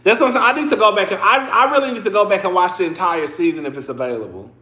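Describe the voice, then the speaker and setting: A man's voice: high voice, racing, sharp tone, echoey room. A man hosting a podcast, chatting casually and rambling with lots of "like" and restarts. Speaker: podcast host. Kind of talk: casual commentary chat.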